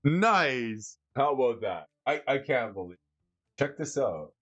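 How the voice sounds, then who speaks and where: A man streaming casually, excitable and often stammering through restarts as he talks about cards and gifts. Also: medium pitch, slow pace, dry recording. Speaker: streamer discussing card prices. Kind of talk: casual live-stream chat.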